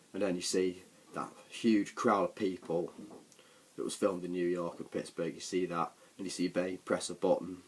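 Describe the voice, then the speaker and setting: With a low-pitched, slightly rough voice, a man casually recaps a film for his vlog. He rambles, repeatedly restarting sentences and dropping in fillers and ums.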